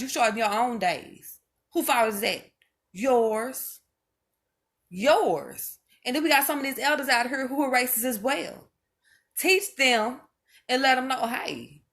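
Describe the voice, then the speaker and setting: Emphatic woman with a slightly high voice. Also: sharp tone. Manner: emphatic, preachy, repeats her points. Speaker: mother speaking to viewers. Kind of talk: impassioned spoken monologue.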